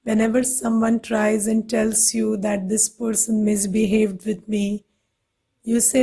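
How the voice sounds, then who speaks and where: A woman with an Indian English accent giving a gentle, questioning meditation lesson. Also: mid-range voice, level tone, measured pace, vocal fry, slightly rough. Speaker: meditation teacher. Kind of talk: spiritual talk to a class.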